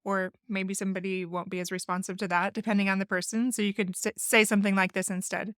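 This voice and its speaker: A woman's voice: mid-range voice, little pitch movement, fast, fairly bright tone, no echo, studio quality. A woman therapist hosting a solo podcast, explaining family communication in an earnest, instructive way and acting out sample phrases. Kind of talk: solo podcast advice talk.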